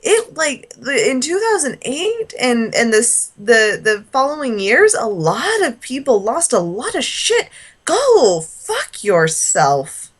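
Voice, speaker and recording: A woman co-hosting a podcast, chatting casually and ranting bluntly with lots of swearing and quick mock voices. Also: sits high, very animated. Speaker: podcast co-host. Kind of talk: casual profane chat.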